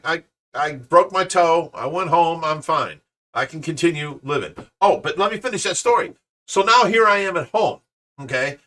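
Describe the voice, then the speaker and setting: A man hosting a show, telling a story in casual chat, animated and restarting his sentences often. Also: on the high side. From Ohio, USA. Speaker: show host. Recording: voice a bit far from the mic.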